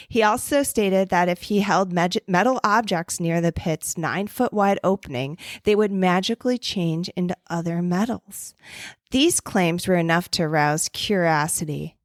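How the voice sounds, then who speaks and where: A woman hosts a casual storytelling podcast, reading from her notes in a slightly low voice. She breaks off into offhand, swearing asides. The sound is close and dry. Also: lively intonation, moderate pace, no echo. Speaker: podcast co-host.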